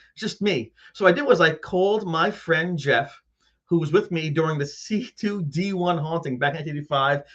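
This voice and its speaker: Man, storyteller, lively pitch, somewhat high voice, dull lo-fi sound. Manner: animated storyteller, acts out his own scared voice. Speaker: host. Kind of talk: telling a personal ghost story to an audience.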